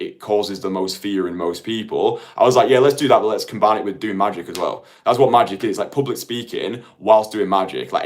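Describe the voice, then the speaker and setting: A man in his late twenties, a dating coach talking casually to viewers in a rambling way full of "like". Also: fairly low pitch. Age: late 20s. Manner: chatty, rambling, heavy use of "like".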